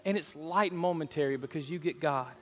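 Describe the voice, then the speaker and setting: Earnest pastor in a reverberant sanctuary. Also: male voice, on the high side, brisk. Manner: earnest, building to fervent prayer. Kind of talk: sermon. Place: church sanctuary.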